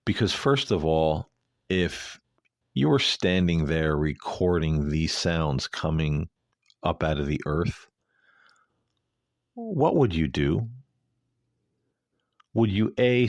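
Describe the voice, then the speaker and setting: A man's voice: very deep voice, dry recording, clean studio sound. A male host giving a rambling, hesitant, earnest solo commentary.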